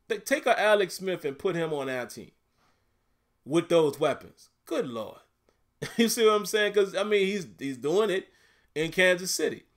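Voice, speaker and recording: A man with a Southern US accent hosting a casual livestream, reading viewer comments aloud in a laid-back, chatty way and laughing often. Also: fairly high pitch. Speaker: YouTube livestream host.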